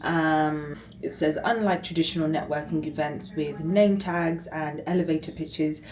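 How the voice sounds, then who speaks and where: Woman vlogging, lowish voice, rambly casual chat, lots of little asides. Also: steady tone, darkish tone, poor audio. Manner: chatty and rambling, quick asides, easy laughs. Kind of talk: casual vlog chat to camera.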